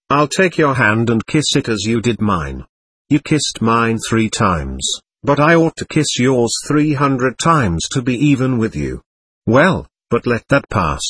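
A man voicing a sly, coquettish young woman who speaks in a soft, even, sugary drawl in an audiobook reading. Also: medium pitch, slightly rough, no echo, full character voice.

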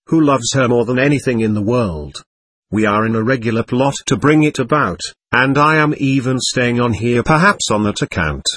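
A man reading the lines of a fussy, excitable middle-aged lady who gushes in breathless exclamations. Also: mid-range voice, husky, no echo. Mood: gushing.

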